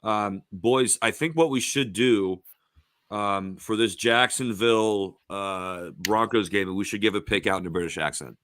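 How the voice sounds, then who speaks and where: Here is a young man co-hosting a rowdy sports betting chat. He teases his friends with a lot of swearing, in a bright, forceful voice. The sound is dry and close, with no room around it. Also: fairly low pitch, measured pace, dry recording. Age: young adult. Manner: loud, swearing, teasing. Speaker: podcast co-host.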